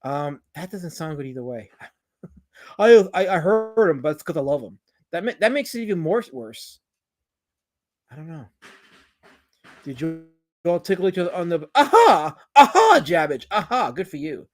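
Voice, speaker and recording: A tired man chatting through his own livestream, his voice sitting a little high for a man. He rambles and jokes, swears freely, and reads viewers' comments out between stray thoughts. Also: lively intonation, moderate pace, long pauses. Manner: rambling, joking, reads chat aloud, swears. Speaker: livestream host. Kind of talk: casual livestream chat.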